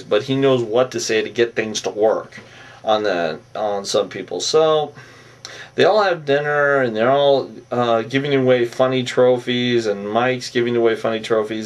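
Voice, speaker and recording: Rambling man recapping, mic far off. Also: mid-range voice. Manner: rambling, many fillers, repeats the phrase "on that". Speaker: show recap host. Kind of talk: casual episode recap.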